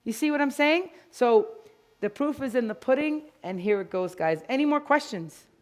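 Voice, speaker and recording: A woman giving an animated, playful live product demonstration to an audience at a store grand opening event. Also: high voice, moderate pace. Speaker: product educator.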